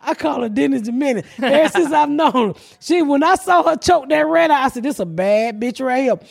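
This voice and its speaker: Woman, podcast host, comedic storytelling, profane, animated, high voice, gravelly. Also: a little fast. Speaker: podcast host telling stories.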